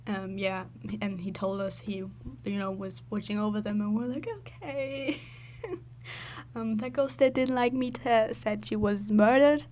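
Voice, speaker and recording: Slow-talking woman, rambling voice-over. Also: mid-range voice, level tone, a little mellow, a little hiss or hum. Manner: rambling, fills with "like", giggles often. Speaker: video creator. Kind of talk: casual storytelling voice-over.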